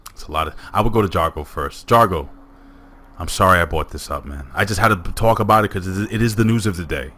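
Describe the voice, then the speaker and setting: A man hosting a casual wrestling chat, animated and jokey, swearing now and then. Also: low-pitched, fast. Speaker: podcast host.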